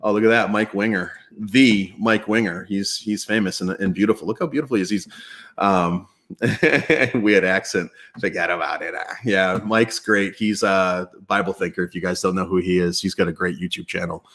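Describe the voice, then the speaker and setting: A man with a low, deep voice hosts a casual live Q&A stream. He talks in a chatty, relaxed way, full of ums, uhs and restarts, speaking into a desk mic indoors. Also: normal speed. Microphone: external mic at home computer.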